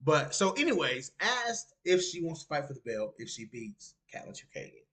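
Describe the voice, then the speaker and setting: High, bright-voiced animated male streamer. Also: moderate pace. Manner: animated, swinging from low asides to loud outbursts; leans on "you know what I'm saying" as a constant filler. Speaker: streamer reading live chat. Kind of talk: casual talk on a live stream about mixed martial arts.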